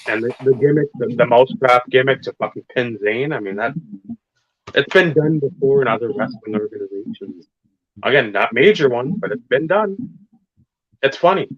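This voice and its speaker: A man's voice: medium pitch, normal speed, breathy edge. A man co-hosting a podcast, talking casually and rambling about wrestling, swearing often and stressing his points. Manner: profane, rambling, emphatic wrestling fan talk. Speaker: podcast co-host. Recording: dull lo-fi sound.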